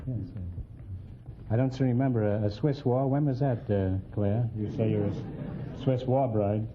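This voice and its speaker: A man hosting a comedy quiz show, teasing the contestants with quick quips and chuckles. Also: fairly low pitch, fairly even intonation, background noise. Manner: quipping, teasing, chuckling through jokes. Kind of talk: wisecracking quiz banter. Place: radio studio with live audience. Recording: muffled old radio broadcast, loud studio audience.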